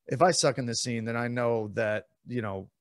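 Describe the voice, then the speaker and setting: A man's voice: mid-range voice, moderate pace, no echo, studio quality. A man from East Texas, an actor in his thirties being interviewed, joking and self-deprecating with lots of restarts. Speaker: actor, guest. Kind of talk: casual interview.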